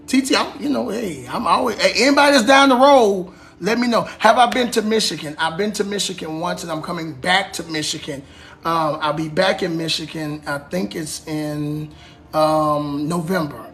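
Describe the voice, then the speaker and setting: A man, a preacher, chatting casually with viewers on a livestream in an animated way, calling them y'all and baby. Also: high voice, vocal fry. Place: live stream.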